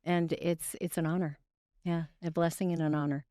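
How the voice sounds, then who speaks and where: A bubbly middle-aged woman chats as a podcast guest, laughing easily and running through her stories with a slightly tired edge. Her voice is smooth and clear, sitting a little low. The sound is close and dry. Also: level tone, dark tone, dry recording. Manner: bubbly, laughs often, quick storytelling. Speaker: guest voice actress and singer. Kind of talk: casual podcast chat.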